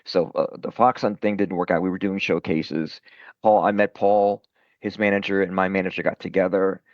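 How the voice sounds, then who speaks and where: This middle-aged Brooklyn rock singer speaks low and fairly evenly at a normal pace, with no echo. He's loosely chatting in a casual interview, dropping lots of fillers and poking fun at himself. Sound quality is dull, dry lo-fi.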